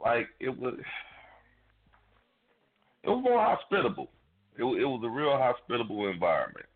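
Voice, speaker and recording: A man's voice: mid-range voice, huge pitch swings, normal speed. A man hosting a radio show, chatting casually in a rambling, laid-back way full of slang. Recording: phone-like lo-fi radio audio.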